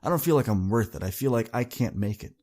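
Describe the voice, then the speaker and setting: A man's voice: mid-range voice, animated, fast talker, darkish tone, close to an everyday voice. A man quoting a frustrated teenage girl. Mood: discouraged. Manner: discouraged, self-doubting.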